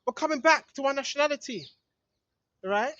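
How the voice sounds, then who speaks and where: A man's voice: extremely high pitch, expressive, moderate pace, sharp tone, highs cut off. A man preaching in an emphatic, rambling way outdoors in a hidden spot in the woods, often asking "right?". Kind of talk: outdoor religious vlog monologue.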